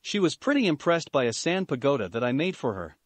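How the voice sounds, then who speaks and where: A man's voice: on the high side, very animated, brisk, no room sound. Boastful teen boy at a party, narrator doing him.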